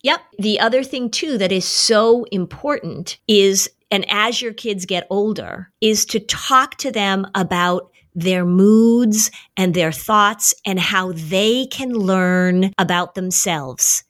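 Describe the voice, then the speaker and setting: A middle-aged woman talks through parenting ideas on a podcast. She is earnest and explanatory, and her pitch sits in an ordinary middle range. She slips into short acted retellings of family moments. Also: takes it slowly, few pauses, a bit bright. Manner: earnest, explanatory, acts out stories. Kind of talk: casual podcast conversation.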